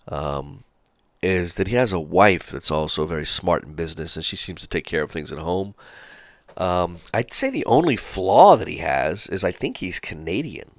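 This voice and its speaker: A low, gravelly-voiced man rambles through casual commentary, full of fillers and folksy asides. The sound is close and dry, with no room around it. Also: dry recording. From Charleston, South Carolina. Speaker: trucking channel host.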